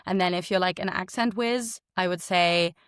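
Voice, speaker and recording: A woman's voice: lowish voice, moderate pace, a bit bright, clean tone, no room sound, studio quality. A woman voice actor and coach giving frank, chatty advice in a podcast interview. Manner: chatty, frank, lots of fillers.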